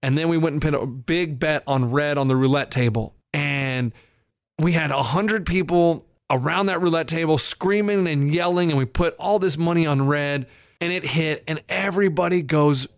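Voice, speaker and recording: A man with a slightly high voice tells a story in casual podcast chat. He acts out what other people said as he goes. The sound is dry and close to the mic. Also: moderate pace, dry recording. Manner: animated storyteller acting out quoted voices. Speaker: podcast co-host.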